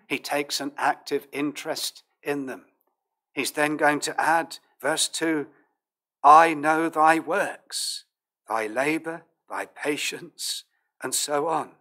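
A man preaching a sermon as pastor, in a measured, earnest manner with old King James phrasing. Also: a little high, a bit bright.

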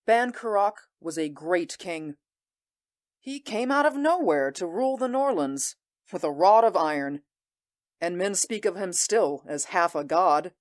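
A proud warrior queen speaks in a somewhat low, unhurried voice, as a woman acts her out. She sounds intense and commanding, weighing each word. Her ambition and iron pride carry through a radio-drama style reading. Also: expressive. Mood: proud, fierce. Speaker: voice actor. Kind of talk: audio drama acting.

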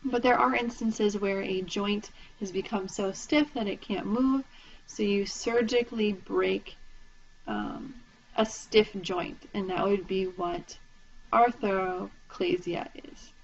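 A woman's voice: mid-range voice, steady tone, slow pace. Woman, instructor, patient recorded lecture, spells terms out letter by letter, muffled lo-fi sound. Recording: dull lo-fi lecture recording with faint noise.

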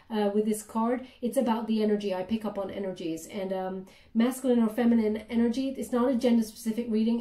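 A woman doing a chatty tarot reading with many fillers, now and then dropping into soft murmured prayers. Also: medium pitch. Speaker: tarot reader. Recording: roomy, distant from the mic.

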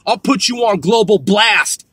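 Brash high-voiced swearing man. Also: lively intonation, measured pace, a bit bright, husky, no echo, studio quality. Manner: brash, trash-talking, swears constantly, drawls "man". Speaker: vlogger. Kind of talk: profane boastful rant to camera.

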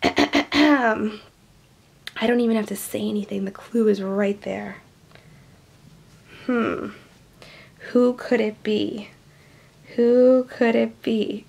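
A woman with a high voice reads a picture book aloud to children, slowly and warmly explaining words as she goes. Her tone is gentle, chatty and teacherly. There is a light gravelly fry in her voice. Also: lively intonation. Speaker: children's storyteller.

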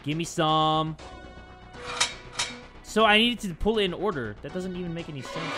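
A man giving excitable, jokey let's play commentary, with sudden yelps and casual swearing. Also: sits high, moderate pace. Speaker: gaming YouTuber. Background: game music.

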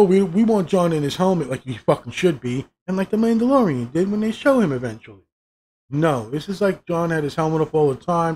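A man's voice: on the high side, a little mellow, a little hiss or hum. A man giving a profane, exasperated review of a TV season, swearing constantly and mocking the characters' lines. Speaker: show reviewer.

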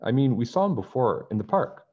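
A man's voice: mid-range voice, very animated, fairly quick, phone-quality sound, pitched above the performer's own voice. A man voicing a curious young girl detective in a storybook read-aloud, in a raised, eager girlish voice.

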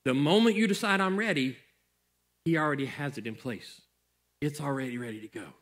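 A man's voice: fairly high pitch, brisk, a bit bright. A male pastor preaching a sermon in a conversational way, repeating phrases for emphasis.

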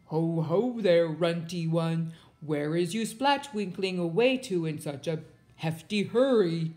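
A woman voicing a huge, bullying, man-eating male giant who booms loud and taunting words. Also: takes it slowly, faint music behind.

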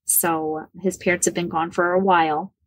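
A woman in her forties from the Midwest of the United States, telling a personal story as a podcast guest, animated and laughing often. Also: fairly low pitch, normal speed, dry recording. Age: 40s. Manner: animated, laughs often, acts out quoted dialogue.

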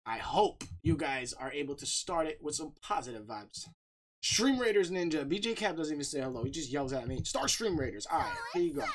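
A man's voice: a little high, animated, fairly quick. A man hosting a casual livestream, chatting upbeat and greeting viewers by name. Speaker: streamer.

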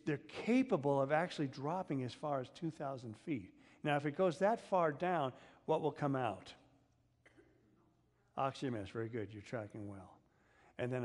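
A male pastor preaching a sermon in a humorous, conversational way, often asking the congregation questions. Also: a little high. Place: church sanctuary. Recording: long reverb of a church hall.

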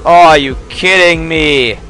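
A man's voice: on the high side, a little slow, soft background music, low-quality recording. Jumpy young man swearing through a horror game. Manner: jumpy, swears a lot, yells when startled. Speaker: let's play gamer. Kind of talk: casual game commentary.

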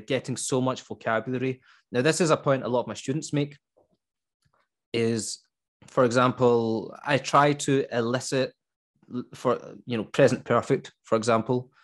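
A man with a Scottish Glasgow accent, an English teacher guesting on a podcast, talking casually and asking rhetorical questions. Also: medium pitch. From Scotland. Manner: lively, asks rhetorical questions. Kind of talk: casual conversation.

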